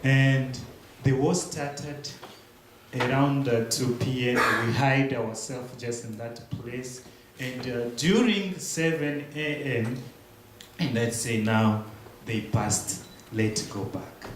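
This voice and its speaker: A young man giving a church testimony, telling his story slowly and haltingly with pauses and restarts. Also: medium pitch. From Democratic Republic of the Congo. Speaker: guest speaker. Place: large echoey church hall. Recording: very echoey room, faint hiss.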